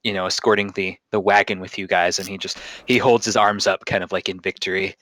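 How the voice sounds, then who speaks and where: A man's voice: low-pitched, flat delivery, brisk, a bit bright, dry recording. Rambling man running a tabletop game. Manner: rambling, self-deprecating, lots of fillers. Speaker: game master. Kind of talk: narrating a tabletop game on a live stream.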